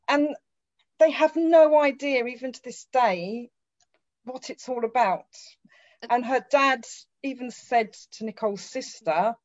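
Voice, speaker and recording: A middle-aged mother speaking earnestly and emphatically. Her voice sits fairly high. The sound is dry and a little muffled. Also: animated, measured pace, a little mellow, no room sound. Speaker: parent guest. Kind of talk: personal account.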